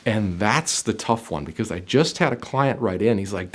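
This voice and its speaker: Middle-aged male interview coach, lively pitch swings, emphatic and motivational to camera. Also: moderate pace. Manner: emphatic, motivational, addresses viewer directly. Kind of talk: direct-to-camera coaching video.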